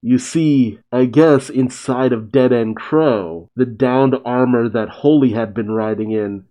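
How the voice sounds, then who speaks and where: Mellow-voiced man recapping a manga chapter. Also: mid-range voice, rough recording. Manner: chatty, enthusiastic, excited interjections. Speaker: manga reaction host.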